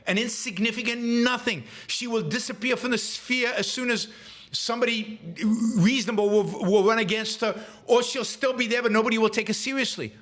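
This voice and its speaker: A man's voice: extremely high pitch, a little fast, a bit bright. A man hosting a live show, ranting emphatically and heatedly about public figures. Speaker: podcast host.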